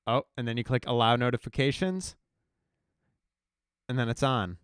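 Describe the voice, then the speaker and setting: A man's voice: medium pitch, normal speed, a bit bright, smooth, no echo, studio quality. A man casually walking through his music production step by step in a live tutorial. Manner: chatty, explains step by step.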